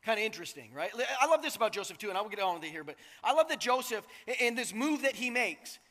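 A man's voice: high-pitched, big pitch swings, fast talker, sharp tone. A man in his thirties preaching a sermon in a casual, joking, conversational way, often checking in with the crowd. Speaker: pastor. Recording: long reverb of a large hall.

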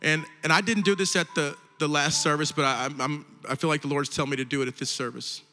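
High-voiced preacher guy pleading with the whole church to come forward, big echoey hall, faint keys behind. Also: steady tone, quick pace, bright, forceful tone. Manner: fervent, repetitive exhortation. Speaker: pastor. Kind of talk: sermon altar call. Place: large church hall with balcony. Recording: long hall reverb, faint music.

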